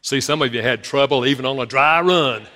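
A man preaching a sermon to his congregation, telling stories from his own marriage in a lively storytelling manner. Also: medium pitch, a little fast. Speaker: pastor. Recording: long reverb of a large hall.

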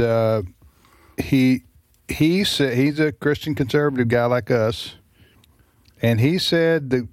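A man's voice: medium pitch, darkish tone, no room sound. Guy hosting talk radio, keeps restarting sentences, dry close sound. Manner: halting, many restarts and fillers. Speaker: radio talk show host. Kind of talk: casual political chat.

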